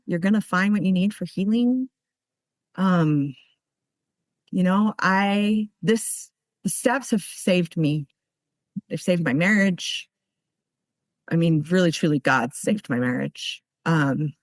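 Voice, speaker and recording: A woman's voice: fairly low pitch, no echo. A woman giving earnest, heartfelt personal testimony at a recovery meeting, telling her story with many restarts.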